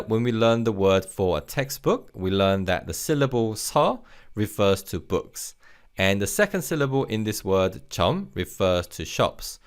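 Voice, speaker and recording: A man teaching a recorded language lesson, patient and encouraging, modeling each word clearly for learners to repeat. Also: lowish voice.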